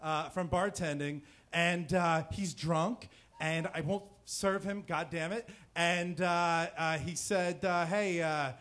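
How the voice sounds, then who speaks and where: A man's voice: fairly high pitch, steady tone, slow pace, a bit bright. A man in his thirties from New Jersey telling a personal story live on stage, casual and rambling, with lots of fillers and restarts. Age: 30s. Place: stage before a live audience.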